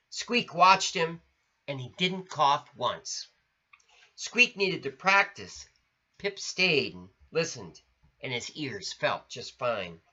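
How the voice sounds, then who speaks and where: A man reading a children's storybook aloud in an expressive, sing-song way. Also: a little high. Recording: lo-fi recording.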